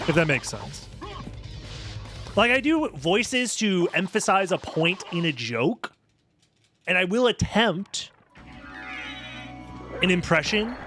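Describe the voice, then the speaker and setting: A man's voice: sits high, fairly bright tone. A young man streaming a video game, chatting casually in a rambling, joking and self-deprecating way, swearing freely. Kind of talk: casual commentary while gaming.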